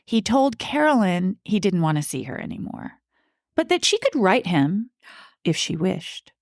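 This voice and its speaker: A woman's voice: mid-range voice, sing-song, a little slow, dry recording, studio quality. A woman co-hosting a podcast, telling a true-crime story in a casual, chatty way with asides. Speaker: podcast co-host.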